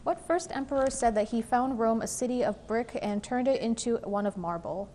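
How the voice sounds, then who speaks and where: A woman moderating a quiz competition, reading questions and rulings in a measured, formal way with an occasional "um". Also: a little high, mellow, slight background noise.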